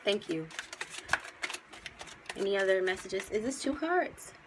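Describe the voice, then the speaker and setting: A woman reads tarot cards for her viewers in a loose, slangy way, leaning hard on her points and speaking straight to them. Her voice sits at an ordinary middle pitch, and a faint hiss runs underneath. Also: lively intonation, measured pace. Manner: gets emotional, near tears. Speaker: tarot reader. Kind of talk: casual tarot reading vlog.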